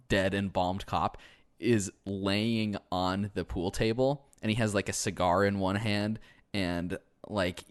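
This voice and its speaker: Podcast co-host, male, low register, dry close sound, rambling and quick to laugh. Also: dry recording. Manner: laughs often, rambling anecdotes. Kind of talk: casual chat.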